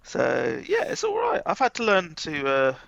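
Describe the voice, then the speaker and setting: A man's voice: a little high, wildly swooping pitch, moderate pace, creaky, a bit bright, no echo. A man, a comedian guest, chatting casually in a self-deprecating way with chuckling asides. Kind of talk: casual chat. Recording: slightly dull lo-fi sound.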